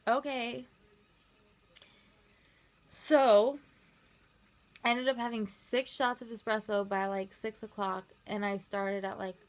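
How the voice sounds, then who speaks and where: A young woman vlogger chatting casually and rambling through a story while doing her makeup. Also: mid-range voice. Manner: rambling, filler-heavy, quick asides.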